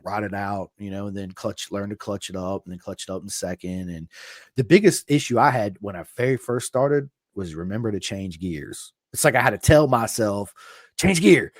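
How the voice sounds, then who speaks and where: A man hosting a casual podcast, speaking in a lowish voice. He tells stories with energy and acts out the lines he quotes. The sound is dry and close. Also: normal speed, no room sound. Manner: animated storyteller, acts out quotes. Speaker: podcast host. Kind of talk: casual conversation.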